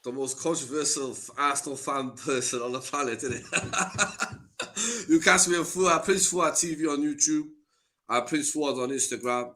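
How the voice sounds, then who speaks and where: A man joining a chat as a guest, playful and laughing often. His voice is bright and pitched a little high. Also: normal speed. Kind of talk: casual chat.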